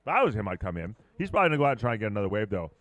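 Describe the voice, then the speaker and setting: A man commentating live at a surf contest, chatting casually and bursting into excited shouts on big waves. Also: on the low side, very fast, no echo. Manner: calls big moves with sudden excited shouts.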